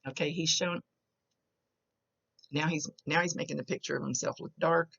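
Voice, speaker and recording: A woman's voice: low voice, steady tone, normal speed, vocal fry, fairly bright tone, husky, highs cut off. A woman psychic medium talking through a reading to a client in a chatty way, describing what she sees as it comes, often restarting her sentences. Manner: chatty, describing visions as they come with restarts. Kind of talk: recorded reading monologue to a client.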